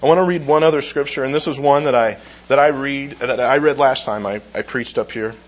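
A man's voice: medium pitch, poor audio. Earnest man giving a church talk. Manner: earnest, emotional, halting with restarts. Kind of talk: sermon with scripture reading.

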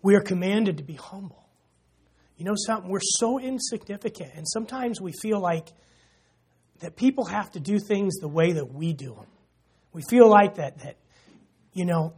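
A man's voice: high-pitched, animated, normal speed, darkish tone, husky. A man preaching a sermon in church, talking casually and joking with the congregation. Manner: conversational, jokes with the congregation, frequent "you know".

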